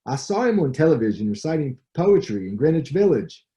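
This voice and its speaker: A man reading the lines of a veteran boxing champion who gives measured advice. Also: medium pitch, very animated, mellow, pitched above the performer's own voice, lightly acted.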